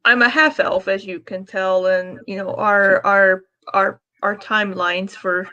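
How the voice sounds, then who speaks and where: A woman's voice: mid-range voice, fairly even intonation, a little slow, pushed and bright, muffled recording. A woman playing her character in a tabletop game, polite and hesitant, stumbling over words. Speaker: player.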